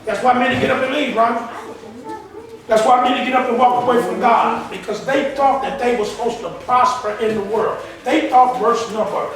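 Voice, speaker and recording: A man's voice: very high-pitched, normal speed, fairly bright tone. A man preaching a sermon with call-and-response, emphatic and colloquial, heard in a church hall. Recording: roomy echo, from far off the mic.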